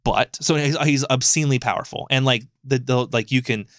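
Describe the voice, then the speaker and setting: A man on a casual podcast, chatting in a loose, rambling and animated way, tripping over fillers and dropping swear words. His voice sits at an ordinary middle pitch, and it is recorded close and dry with almost no room sound. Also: fairly quick, no room sound. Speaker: podcast co-host.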